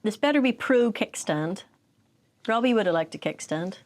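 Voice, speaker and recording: A woman's voice: medium pitch, normal speed. Irish woman, podcast co-host, chatty and giggly, mid-range voice. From Ireland. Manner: giggly and expressive. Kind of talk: casual chat.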